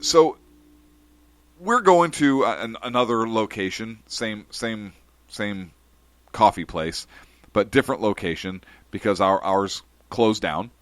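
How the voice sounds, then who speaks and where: A man co-hosting a casual podcast chat, telling an anecdote with lively, playful delivery. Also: lowish voice, slow pace, no room sound. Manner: animated storyteller, acts out voices in anecdotes. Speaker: podcast co-host.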